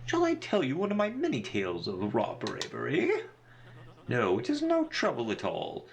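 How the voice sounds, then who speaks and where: A man's voice: mid-range voice, huge pitch swings, normal speed, creaky, pitched above the performer's own voice. A man voicing a pompous, vain male pirate captain while reading game dialogue aloud in a theatrical, boastful way.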